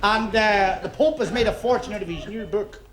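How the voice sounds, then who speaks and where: A man's voice: sits high, moderate pace. A man doing cheeky stand-up, needling his audience between jokes. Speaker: stand-up comedian. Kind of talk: stand-up joke telling. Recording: loud audience and heavy hiss.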